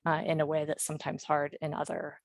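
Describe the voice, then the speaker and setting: A woman's voice: sits low, monotone, fast talker, dry recording. A woman guest on a podcast interview, talking casually with lots of fillers and restarts. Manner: chatty, many fillers and restarts, light laughs.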